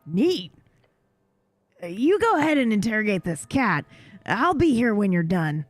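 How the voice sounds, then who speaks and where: A woman's voice: mid-range voice, very animated, a little slow, dry recording, soft background music. A woman voicing a goblin companion in a video game, speaking in a breezy, dismissive way.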